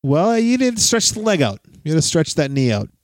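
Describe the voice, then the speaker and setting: A man's voice: fairly high pitch, very animated, normal speed, dry recording, studio quality. A man hosting a casual podcast, chatting and reading listener messages aloud. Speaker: podcast host.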